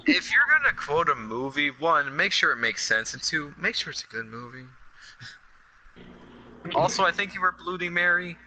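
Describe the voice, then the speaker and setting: A man's voice: a little high, big pitch swings, normal speed, pushed and bright, a little hiss or hum, low-quality recording. A man reading a badly written story aloud for comedy, breaking off for sarcastic asides. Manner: sarcastic asides between lines. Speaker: reader and host.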